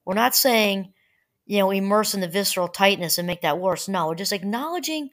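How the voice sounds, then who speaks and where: A woman's voice: mid-range voice, a little fast, fairly bright tone. A woman hosting a solo podcast on mindfulness, talking casually with asides and restarts, now and then reading passages aloud from a book. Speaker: podcast host. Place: home.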